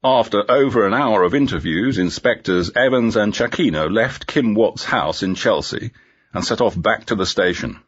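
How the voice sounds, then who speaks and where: A man narrating a graded-reader story in a clear, measured way. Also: fairly low pitch, expressive. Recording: dull lo-fi audio.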